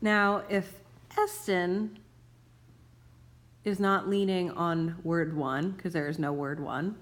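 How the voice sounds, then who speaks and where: A woman professor calmly explaining grammar rules step by step in a recorded tutorial, with playful asides. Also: on the low side, slow pace. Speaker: Ancient Greek professor.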